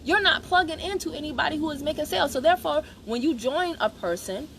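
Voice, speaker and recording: High-voiced woman coaching. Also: lively intonation, fast talker, fairly bright tone, a little hiss or hum. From Savannah, Georgia, USA. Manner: emphatic, repetitive, chatty with asides to viewers. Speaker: network marketing seller coaching her team. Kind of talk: motivational live stream talk.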